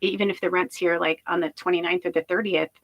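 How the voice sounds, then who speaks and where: A woman's voice: lowish voice, fairly even intonation, fast, dry recording, highs cut off. A woman talking candidly on a livestream, rambling and emotional, swearing freely. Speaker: spiritual medium streamer.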